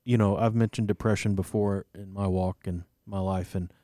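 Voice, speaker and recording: A man's voice: low voice, fairly even intonation, normal speed, dark tone, dry recording, studio quality. A man co-hosting a faith podcast, rambling and self-deprecating, full of fillers as he tells a story. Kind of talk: casual faith chat.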